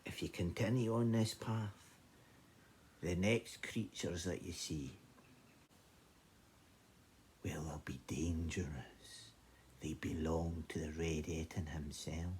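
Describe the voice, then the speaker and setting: Man voicing a wary scottish goat herd, hushed, solemn, low, slow, breathy. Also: fairly even intonation, a little hiss or hum. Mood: grave hush. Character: cautious male goat herd, grave and warning. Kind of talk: oral storytelling.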